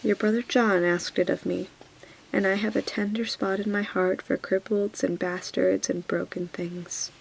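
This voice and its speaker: A woman voicing a sardonic, witty dwarf nobleman in a soft whispered role-play, dry and mocking. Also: mid-range voice, level tone, a little slow, creaky, slightly rough, rough recording.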